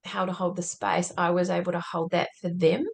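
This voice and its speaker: Woman guest on a podcast, lots of fry in her voice, earnest reflective storytelling, says like a lot. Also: fairly low pitch, little pitch movement, a little fast. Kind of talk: conversational interview storytelling.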